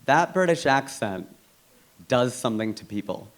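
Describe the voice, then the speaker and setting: Animated man doing stand-up. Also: medium pitch, moderate pace. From United States. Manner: animated storytelling, punchy asides to the crowd. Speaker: stand-up comedian. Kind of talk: stand-up comedy set.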